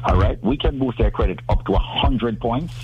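A man's voice: mid-range voice, normal speed, breathy edge, lo-fi sound. A man talking about credit as a guest on a radio talk show, emphatic and salesman-like, often repeating his words.

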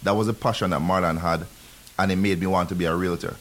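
Fast-talking Jamaican man, low voice. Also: fairly even intonation, fairly bright tone. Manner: fast talking, laughs easily, mixes patois. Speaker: realtor guest. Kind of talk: casual radio interview.

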